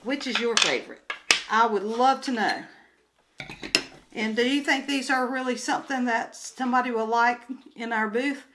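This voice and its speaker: An older woman with a Southern US accent, chatting casually to camera while unboxing crafts, rambling and often trailing off into soft murmurs. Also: fairly high pitch, moderate pace, noisy background. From Southern United States. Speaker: crafts vlogger and booth vendor. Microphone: handheld phone camera.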